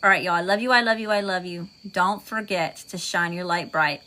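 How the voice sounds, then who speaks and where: A woman with a Southern US accent, a tarot reader hosting a livestream, moving between chatty, folksy talk with viewers and a calm guided meditation. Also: on the low side, a little fast. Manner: folksy, chatty, says y'all often.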